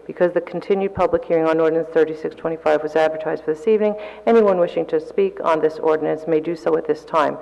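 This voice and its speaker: A gravelly voice kept flat and even, chairing the meeting and running through motions in a formal way. The sound is dull and carries the long echo of the council chamber. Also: mid-range voice, fast talker, hardly any pauses. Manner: flat, procedural reading of motions. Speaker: presiding council member. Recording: dull recording in a large reverberant council chamber.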